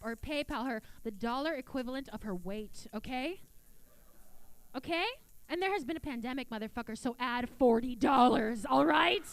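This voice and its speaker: Woman, 30s, from South Florida, stand-up comic, brash, foul-mouthed, high voice, theater stage, handheld mic. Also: fairly bright tone, clean tone. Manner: brash and profane. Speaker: stand-up comedian. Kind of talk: stand-up comedy set.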